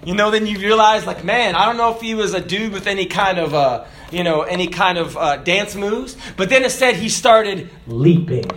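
A man preaching a sermon, animated, swinging from loud shouted peaks to soft low asides. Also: moderate pace, hardly any pauses, slight background noise.

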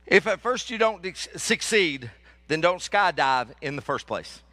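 A male pastor preaching a sermon, animated and joking, repeating lines for emphasis. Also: a little high, a little slow.

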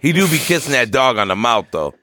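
A man in his twenties co-hosting a podcast, loud, joking and profane as he tells stories. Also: medium pitch, big pitch swings, fast, no echo, studio quality. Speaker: podcast co-host. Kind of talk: casual podcast chat.

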